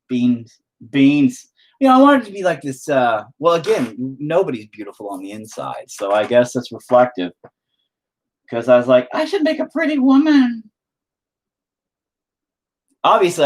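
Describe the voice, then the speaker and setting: A man livestreaming while he paints, chatting with viewers in a rambling, profane, self-mocking way. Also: mid-range voice. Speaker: livestreaming painter reading chat. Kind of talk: casual rambling stream chat.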